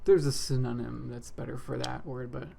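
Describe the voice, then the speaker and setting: A man co-hosting a comedy podcast, rambling in halting, musing half-sentences. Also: mid-range voice, level tone, creaky, dark tone, a little hiss or hum. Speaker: podcast co-host. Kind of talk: casual comedy podcast banter.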